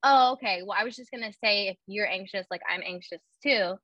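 A woman's voice: medium pitch, brisk, sharp tone, no room sound, muffled recording. A young woman chatting casually and telling personal stories, full of "like" fillers and acting out her own quotes. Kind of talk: casual chat.

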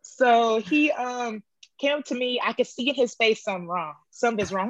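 A woman's voice: moderate pace, no room sound. A woman recounts a competition story in a casual interview, her voice leaping up whenever she acts out what someone said. The sound is a little dull and dry. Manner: animated storytelling, acts out quotes with high pitch jumps. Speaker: powerlifter guest.

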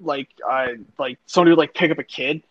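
A young man hosts a podcast, talking fast in a slightly high voice with fairly even intonation. His long personal story rambles, full of profanity, "like" and other fillers, as casual storytelling chat. The recording is dry, dull and lo-fi.

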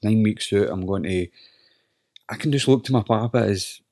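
A man's voice: fairly low pitch, normal speed, a little mellow, no echo, studio quality. A young Scottish man, a professional wrestler, chatting bluntly in an interview, swearing a lot and restarting his sentences as he rambles. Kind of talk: casual interview chat.

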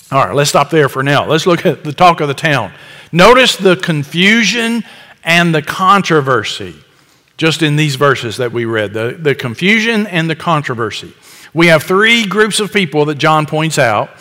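A man preaching a sermon in a bright, forceful voice, pitched a little high. He talks conversationally, with small chuckles and restarts. The sound carries a long hall reverb, as in a church sanctuary. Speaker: pastor. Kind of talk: expository sermon.

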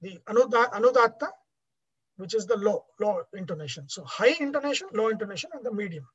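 A woman's voice: medium pitch, animated, fast talker, breathy edge, dull audio. A woman teaching a class on Vedic chanting, explaining patiently with many fillers.

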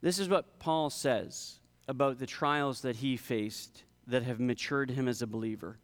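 A man preaching a sermon, building in intensity and slowing down to stress key words. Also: mid-range voice, in a large hall. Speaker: pastor.

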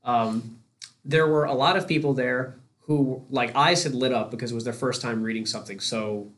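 A man's voice: mid-range voice, fairly even intonation, normal speed, fairly bright tone. Male podcast host, casual, anecdotal, corrects himself mid-sentence. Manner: chatty, anecdotal, self-correcting. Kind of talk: casual interview chat.

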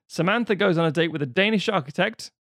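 A man, recapping a film on a podcast in a casual, sweary, mocking way, putting on quick voices for the characters. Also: high-pitched, expressive, fairly bright tone, no echo, studio quality. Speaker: podcast co-host.

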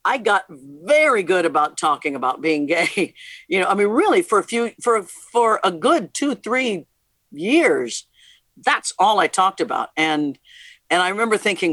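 A woman's voice: medium pitch, sing-song, a little slow, a bit bright, dry recording. A middle-aged woman, a rock musician, talking candidly as an interview guest, laughing often and restarting her sentences. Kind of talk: casual interview conversation.

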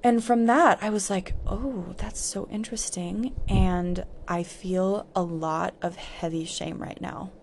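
A woman's voice: lowish voice, fairly even intonation, takes it slowly, hardly any pauses, a little hiss or hum. Candid woman telling a personal story. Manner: candid, reflective, frequent "like" fillers. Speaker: podcast host. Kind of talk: personal storytelling about healing.

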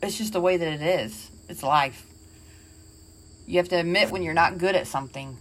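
Lady cohost with a lowish voice, teasing her husband, laughing a lot. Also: normal speed, a little hiss or hum. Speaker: podcast co-host. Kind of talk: casual chat.

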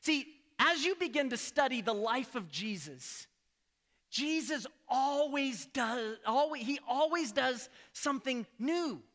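A man preaching a sermon as pastor, telling a story with lively acted-out dialogue and frequent restarts. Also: very high voice, slow, in a large hall. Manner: animated storytelling, acts out quoted dialogue; frequent restarts and repeated words.

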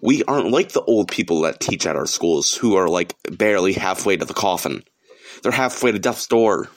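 Angry deep-voiced teen boy ranting. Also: lively intonation, normal speed. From upstate New York. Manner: angry, profane, rambling rant. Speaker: podcast host. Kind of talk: solo podcast rant.

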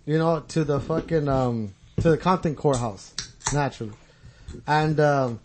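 A man's voice: a little high, a little slow, darkish tone, slight background noise. A man on a podcast telling a long story in casual chat, profane, acting out other people's lines. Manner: profane, tells stories with acted-out quotes. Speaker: podcast co-host. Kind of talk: casual storytelling among friends.

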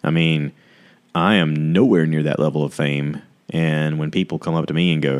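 A man's voice: extremely low pitch, brisk, a little mellow. A man hosting a podcast, chatting casually and rambling through asides and self-deprecating jokes. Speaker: podcast host. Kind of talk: casual rambling review chat.

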